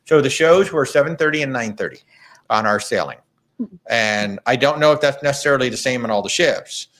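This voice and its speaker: A man's voice: mid-range voice, animated, fairly quick, fairly bright tone. A middle-aged man hosting a live travel Q&A in a chatty, rambling way with frequent restarts. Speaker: travel agent show host. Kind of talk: live Q&A chat.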